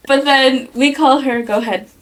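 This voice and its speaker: High-voiced woman telling an animated story. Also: moderate pace, crowd noise. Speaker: podcast guest. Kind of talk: casual podcast chat.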